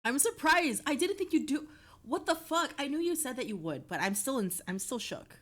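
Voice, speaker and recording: A young woman streaming live, chatting casually and excitably, swearing often. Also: sits high, moderate pace. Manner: excitable, swearing, breaks into shrieks and laughter.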